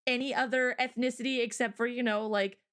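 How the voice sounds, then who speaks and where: A young woman co-hosting a casual chat, telling stories with lots of laughter and acting out the people she quotes. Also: brisk. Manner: animated storyteller, acts out quotes with big pitch jumps and laughter. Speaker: co-host.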